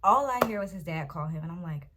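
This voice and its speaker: This storytime vlog features a young woman with a lowish voice who talks fast over a noisy background. She addresses viewers as "y'all" and "baby" while animatedly retelling a dramatic tale straight to them.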